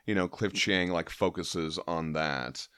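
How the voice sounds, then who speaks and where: A man co-hosts a podcast in a casual chat about a comic book. His voice is bright and forward, and he gushes over the panels and the artwork. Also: low voice, measured pace, clean tone. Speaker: podcast co-host.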